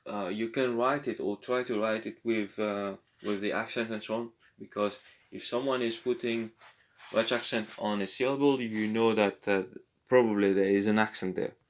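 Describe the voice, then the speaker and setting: A man talking through a language exercise, thinking aloud in a hesitant way and slowly sounding out foreign words. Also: lowish voice. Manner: hesitant, thinking aloud with many pauses and repeats. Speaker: language lesson vlogger working through exercises. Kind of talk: casual think-aloud tutorial.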